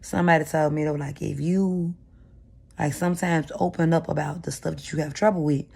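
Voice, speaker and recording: A woman's voice: sits low, steady tone, brisk, creaky, darkish tone, slightly rough. A woman vlogger talking candidly to camera, rambling and confessional as she vents. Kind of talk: venting to camera. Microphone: camera mic.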